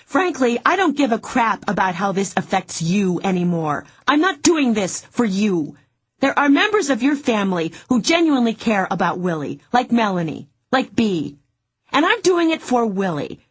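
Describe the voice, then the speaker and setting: A woman's voice: medium pitch, lively intonation, moderate pace, voice pushed up, lightly acted. A woman voicing an outspoken, exasperated woman investigator in a first-person audiobook. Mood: angry.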